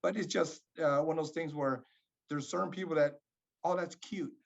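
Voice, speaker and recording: A man's voice: fairly high pitch, fairly even intonation, brisk, gravelly. Reflective middle-aged father, dull lo-fi sound. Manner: reflective, storytelling. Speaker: guest, boxer's father and coach. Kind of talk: casual interview chat. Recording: dull lo-fi audio.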